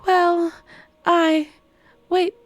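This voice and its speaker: A woman's voice: very high-pitched, little pitch movement, very slow, no echo, soft background music, pitched above the performer's own voice, heavily acted. A woman voicing polite, bewildered Alice. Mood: confused. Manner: polite, prim, apologetic.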